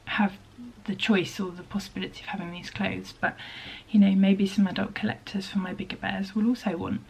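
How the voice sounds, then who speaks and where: Soft-spoken, half-whispering woman. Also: mid-range voice, little pitch movement, fairly quick, vocal fry, slight background noise, low-quality recording. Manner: soft, often half-whispered, hesitant with many ums. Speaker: vlogger and maker of teddy bears. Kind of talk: casual vlog chat. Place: home workspace at a sewing desk.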